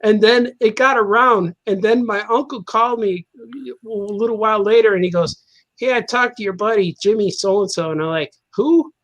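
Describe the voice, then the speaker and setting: A man's voice: high-pitched, normal speed, fairly bright tone, muffled recording. A man, a cartoonist guest on a podcast, telling a casual anecdote, laughing often and acting out the people in his story.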